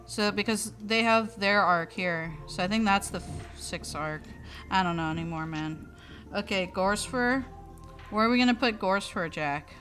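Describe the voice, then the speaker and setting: A young adult woman hosting a casual stream, talking in an animated, exasperated way with a lot of swearing. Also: medium pitch, unhurried. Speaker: streamer host. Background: faint music.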